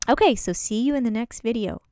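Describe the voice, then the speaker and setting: A woman's voice: fairly high pitch, brisk, dark tone, no echo. A woman teaching a recorded course module, speaking casually and directly to the listener as a coach. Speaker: online course instructor.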